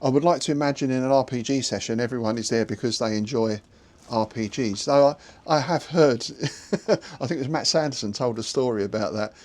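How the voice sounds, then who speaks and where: A man's voice: medium pitch, fairly quick, a little mellow. Man chatting with easy chuckles. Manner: conversational, chuckling often, restarts words. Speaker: podcast host giving game master advice. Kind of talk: relaxed advice talk.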